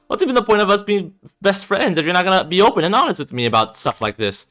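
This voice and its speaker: A man's voice: mid-range voice, expressive, brisk, bright, forceful tone. A man reading aloud as an emotional young woman who is a devoted best friend, pleading with a voice that rises when she is upset.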